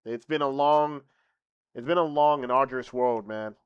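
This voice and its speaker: A young man streaming casually to his viewers, boasting playfully, laughing, then thanking them softly. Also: mid-range voice, measured pace, clean tone, dry recording, muffled recording.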